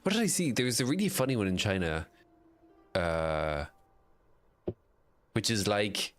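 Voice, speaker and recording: An excitable man chatting casually and swearing while live-streaming a game, reacting loudly and answering chat. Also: on the low side, unhurried. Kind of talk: casual live gameplay commentary.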